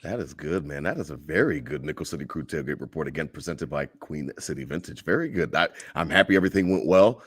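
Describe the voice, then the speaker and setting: A man co-hosting a casual sports podcast, giving an animated, heated fan rant. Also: extremely low pitch, fast, few pauses, slightly rough, dry recording. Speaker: podcast co-host.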